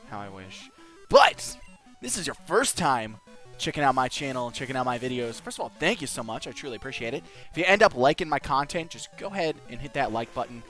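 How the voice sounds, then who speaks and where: A young man hosts a video game let's play with loose, chatty commentary. His voice is bright and his pitch swings widely as he talks. Faint music plays behind him. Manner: giddy, laughing, swearing. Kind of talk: gameplay commentary.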